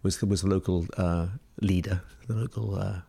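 Scottish man, middle-aged, low voice, rambling and laughing, interview guest. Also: fairly even intonation, normal speed, creaky, mellow, breathy edge. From Scotland. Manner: rambling, laughs often, many restarts and fillers. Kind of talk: casual storytelling.

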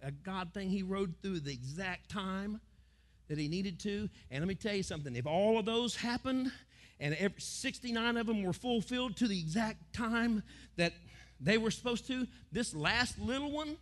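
With a high-pitched voice and lively intonation at normal speed, a middle-aged pastor from the United States preaches, acting out crowds and quotes through sudden loud bursts.

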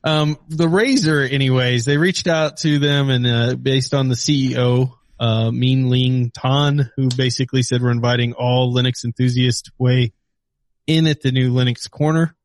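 A man's voice: mid-range voice, steady tone, normal speed, no echo. Opinionated man in casual tech chat. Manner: rambling, opinionated, full of fillers. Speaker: podcast co-host.

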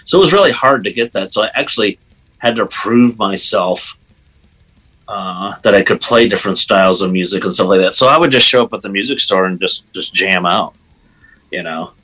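A man being interviewed as a guitarist, telling stories in a casual, animated way with lots of "you know"s. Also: fairly low pitch, brisk, slightly rough, low-quality recording. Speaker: guest guitarist.

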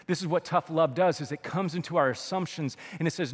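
A high-pitched man preaches to a congregation, rising to loud bursts and dropping to near-hushed lines. He throws in sarcastic asides between his points. His voice rings with a long echo through a church hall. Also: quick pace, hardly any pauses. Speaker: pastor. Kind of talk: sermon.

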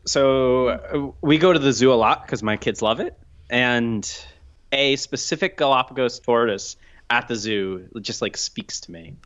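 A man in his thirties co-hosting a podcast in casual chat, with low-key, dry humor. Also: unhurried, a bit bright. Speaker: podcast co-host. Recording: slightly dull, muffled sound.

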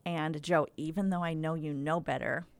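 A woman hosts a casual podcast chat, steering the talk with lively energy. Her voice sits somewhat low and sounds dry and close. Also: normal speed, no echo. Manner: lively, laughs often, leads the talk. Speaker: podcast host.

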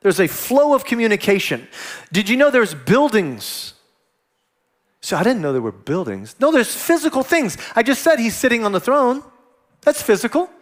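A man preaching a sermon as pastor, acting out quoted dialogue with lively delivery. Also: high-pitched, normal speed.

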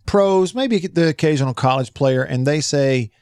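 A man with a Southern accent hosting a casual radio talk show, telling stories in a folksy, animated way. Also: a little high, normal speed, smooth, dry recording, clean studio sound.

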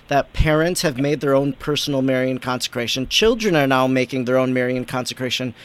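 A man, a priest hosting a faith interview show, who asks long, measured questions that build up to each point. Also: medium pitch. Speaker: priest and podcast host.

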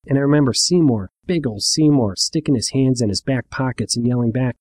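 A man's voice: mid-range voice, a little fast, darkish tone, dry recording. A middle-aged man telling a personal story in a wry, conversational way with asides to the listener.

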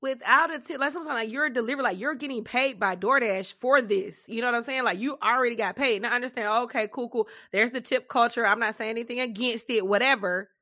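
A young adult woman co-hosting a podcast, telling a story as a casual rant, animated, loud and dramatic, laughing often. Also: a little high, quick pace, few pauses. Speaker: podcast co-host.

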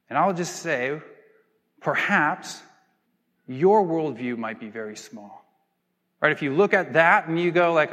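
Guy giving a sermon, kinda high voice, chatty, acts out quotes, big echoey hall. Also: unhurried, fairly bright tone. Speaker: pastor. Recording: long hall reverb.

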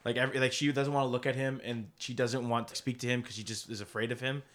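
A man's voice: mid-range voice, little pitch movement, quick pace, fairly bright tone. A man co-hosting a podcast, retelling a story in a rambling, laugh-filled casual chat with many restarts. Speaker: podcast co-host.

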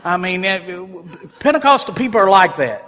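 A man preaching a sermon from a church sanctuary, animated and rising to loud exclamations. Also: sits high, normal speed, in a large hall. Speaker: pastor.

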